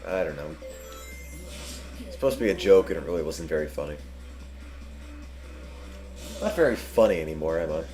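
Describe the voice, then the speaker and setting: A man's voice: very deep voice, expressive, normal speed, pauses often, dark tone, faint music behind. A man giving let's play commentary during a marathon stream, cracking dry, self-mocking jokes and rambling as he plays.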